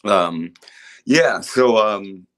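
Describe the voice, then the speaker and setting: Low-voiced older man telling stories. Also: animated, extremely slow, a bit bright. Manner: laid-back, rambling storyteller with frequent restarts. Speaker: rock musician guest. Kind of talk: casual interview chat.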